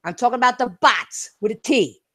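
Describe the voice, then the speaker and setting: A woman's voice: a little high, lively intonation, brisk, fairly bright tone, breathy edge. A woman hosting a casual gaming talk stream, brash and profane, laughing hard and repeating herself. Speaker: streamer and podcast host.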